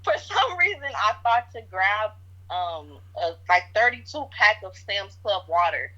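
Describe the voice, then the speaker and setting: A woman's voice: mid-range voice, sing-song, unhurried, bright, forceful tone. A woman telling a story in a casual interview, rambling with lots of fillers. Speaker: interviewee recounting events. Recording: dull lo-fi audio.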